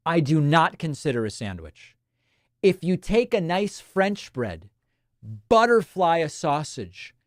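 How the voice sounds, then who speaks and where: Reading viewer messages on his livestream, an Argentine man keeps up a wry, chatty flow punctuated by lively asides. His voice sits on the high side, captured in studio quality with no room sound.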